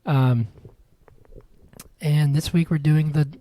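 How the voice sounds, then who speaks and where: Young male podcast co-host, a bit higher pitched, joking and rambling. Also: fairly even intonation, slow pace, warm tone. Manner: joking, rambling, wheezy laughs. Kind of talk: casual chat.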